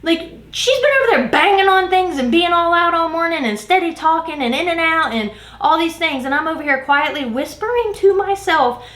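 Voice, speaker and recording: A woman's voice: very high-pitched, normal speed, few pauses. A woman vlogger chats through a workplace storytime while doing her makeup. She retells the story with lots of "like" and acts out what her coworkers said. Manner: animated retelling, acting out quoted coworkers, heavy use of "like". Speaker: beauty vlogger. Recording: roomy echo.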